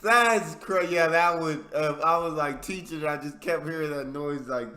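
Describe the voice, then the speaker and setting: A man's voice: a little high, moderate pace, very noisy. A man from the United States hosting a reaction video, commenting in a laid-back way and repeating himself. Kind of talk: casual commentary.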